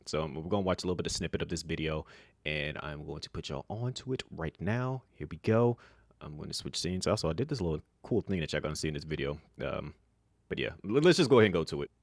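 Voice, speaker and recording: A man talking casually to camera as a vlogger, in a flat, monotone, rambling way. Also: very deep voice, fast, no echo, studio quality. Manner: self-described monotone, relaxed and rambling with fillers.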